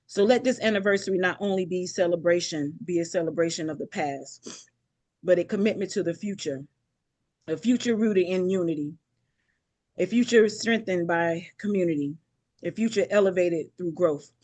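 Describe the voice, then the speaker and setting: A woman's voice: on the low side, a little mellow. A woman giving an emotional keynote speech on a video call, building rhythmic lists and often apologizing. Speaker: keynote speaker. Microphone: video call mic.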